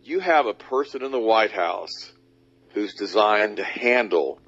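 A man hosting a talk radio show, speaking emphatically and mocking others in high put-on voices. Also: animated, unhurried, a bit bright, husky. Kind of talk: animated talk radio monologue. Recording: dull lo-fi audio.

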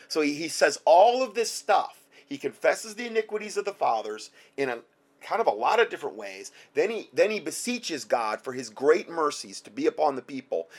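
A man giving informal Bible teaching, reading scripture aloud and reacting with excited laughter. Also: medium pitch. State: emotional, choked up at times.

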